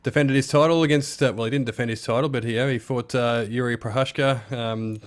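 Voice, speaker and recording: A man's voice: medium pitch, fairly even intonation, fast talker. A man hosting a casual podcast, speaking hesitantly with many ums and uhs. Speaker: podcast host.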